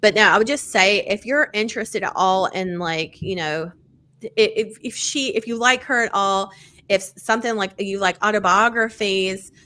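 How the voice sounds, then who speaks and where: A woman hosting a podcast, casually reviewing books with lots of fillers, easy swearing and excited storytelling. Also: mid-range voice, normal speed. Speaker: podcast host. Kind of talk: casual book-review chat.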